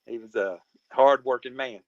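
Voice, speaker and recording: Halting, polite man. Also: mid-range voice, dry recording, highs cut off. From Mobile County, Alabama. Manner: halting, many fillers and restarts, polite. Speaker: guest. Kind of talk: casual conversation.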